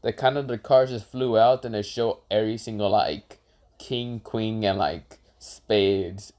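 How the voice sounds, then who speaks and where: A man casually improvising a fan-fiction story, rambling with self-corrections, swearing, and high shouted voices for characters. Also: unhurried.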